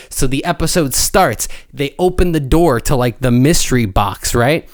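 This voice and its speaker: Give me a young man rambling excitedly through a recap, casual podcast chat. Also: medium pitch, normal speed, hardly any pauses. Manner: rambling, profane, excitable storytelling. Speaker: podcast co-host.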